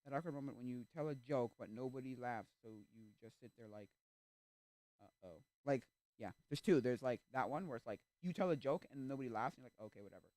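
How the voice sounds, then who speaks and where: A man streaming and chatting casually, animated and easily exasperated, acting out little reactions. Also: mid-range voice, fast, hardly any pauses, no echo. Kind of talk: casual chat.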